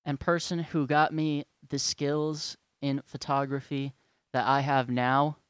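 A man's voice: mid-range voice, level tone, slow pace, a bit bright, clear, resonant tone, dry recording, studio quality. Fired-up young man, profane rant. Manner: profane, heated and sarcastic. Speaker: vlogger. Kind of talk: angry rant.

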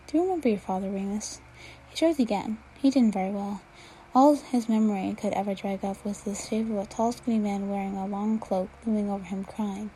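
A woman reading fan fiction aloud at an unhurried pace, dropping to a whisper now and then. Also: medium pitch, steady tone, dark tone, slight background noise, poor audio. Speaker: reader.

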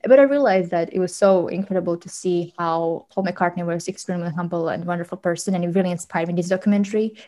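A woman working in media, a guest telling animated stories with frequent laughs and fillers in a casual interview. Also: fairly low pitch, fast talker, few pauses, rough recording. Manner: animated storyteller, laughs often, many fillers.

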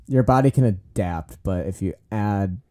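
Deep, dark-voiced young male co-host. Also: normal speed. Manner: rambling, filler-heavy, many "like"s. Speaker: podcast co-host, nursing student. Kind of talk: casual chat.

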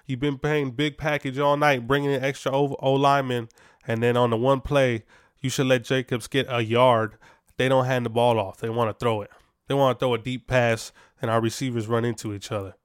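Guy ranting about sports on his podcast, smooth voice, dry close sound, lots of ums. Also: medium pitch, little pitch movement, a little fast, no echo. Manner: conversational, opinionated, frequent fillers and restarts. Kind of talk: casual sports opinion monologue.

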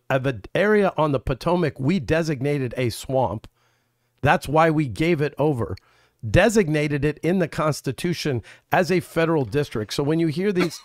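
A man's voice: a little high, dry recording, studio quality. A man speaking as a Senate candidate in a casual political chat, an emphatic storyteller who quotes people in his anecdotes.

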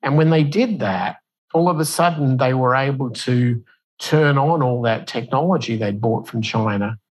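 A man talking casually as an interview guest, spinning a long explanation like a story. He stumbles and restarts now and then, and jumps his voice up high when he acts out what others said. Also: moderate pace, husky, muffled recording. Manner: animated storyteller who acts out quotes in a raised voice; loose delivery with fillers and restarts.

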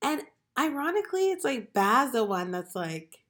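A woman's voice: a little high, moderate pace. A young American woman co-hosting a casual book podcast, retelling the plot with lots of laughter. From United States. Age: young adult. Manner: giggly, animated retelling of plot. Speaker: podcast co-host.

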